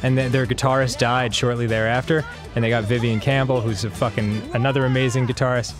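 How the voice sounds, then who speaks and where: A man's voice: mid-range voice, little pitch movement, quick pace, over music. A man co-hosting a casual comedic chat, telling stories in a laid-back way with jokey asides. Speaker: co-host.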